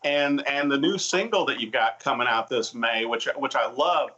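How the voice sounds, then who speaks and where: A male host leads an interview with eager, encouraging chatter full of fillers. His voice has a bright, forward edge. The sound is slightly dull and muffled. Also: medium pitch, moderate pace. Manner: enthusiastic, affirming, lots of fillers. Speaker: TV show host. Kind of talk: casual interview talk.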